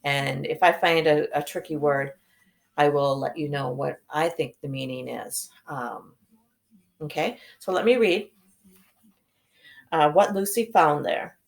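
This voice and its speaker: A woman's voice: deep voice, a little slow, vocal fry, pauses often. A woman teacher reading a novel aloud to her class, talking hesitantly with many fillers and self-corrections.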